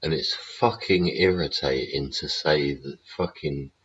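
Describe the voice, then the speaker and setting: Gravel-deep British man ranting on stream. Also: a little slow, a bit bright, slight background noise. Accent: British English. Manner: blunt, profane, rhetorical tags. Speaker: livestream host. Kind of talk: swearing political rant. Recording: dull lo-fi stream audio.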